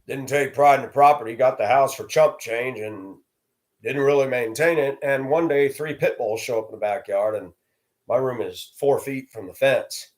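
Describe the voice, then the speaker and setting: Middle-aged man, casual storyteller, mid-pitched, acts out quotes loudly. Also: moderate pace. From from Denver area. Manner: acts out quoted voices, rising loud for confrontations. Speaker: vlogger telling personal stories.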